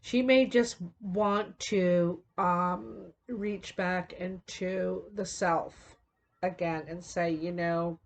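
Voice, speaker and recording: Middle-aged woman, tarot reader, low voice, unhurried, rambling delivery with frequent restarts. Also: steady tone, gravelly. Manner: slow, meandering, many fillers and restarts. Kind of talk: unscripted tarot reading.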